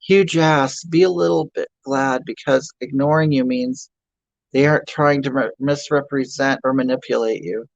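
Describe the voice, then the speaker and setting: A man's voice: medium pitch, steady tone, moderate pace, gravelly, no room sound, highs cut off, close to an everyday voice. A man playing a crude, self-mocking obese middle-aged woman who rambles, stammers and answers chat comments on a comedy livestream. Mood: ranting, griping. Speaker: livestream comedy character host. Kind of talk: improvised livestream character comedy.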